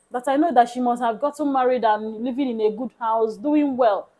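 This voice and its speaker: A woman with a Nigerian accent telling a personal story in a casual, animated way, sometimes dropping into soft hushed tones. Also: a little high, brisk, few pauses, rough recording. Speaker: vlogger.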